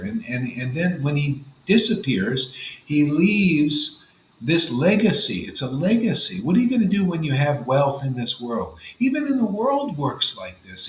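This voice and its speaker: A man's voice: fairly high pitch, a bit bright, roomy sound, a little hiss or hum, poor audio. A man leading a gathering of devotees, giving an informal devotional talk in a rambling, conversational way full of "you know" and "man". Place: room with a gathered group of listeners.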